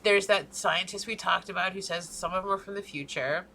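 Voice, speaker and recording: A woman's voice: lowish voice, brisk, pushed and bright, slight background noise. A woman co-hosting a podcast in casual chat, telling a story as a profane, worked-up rant. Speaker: podcast co-host.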